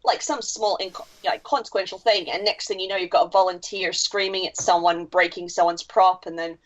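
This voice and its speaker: A woman's voice: lowish voice, steady tone, fairly quick. A woman co-hosting a podcast, giving wry, opinionated takes and swearing freely. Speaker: podcast co-host. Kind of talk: casual chat. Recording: dull lo-fi podcast audio.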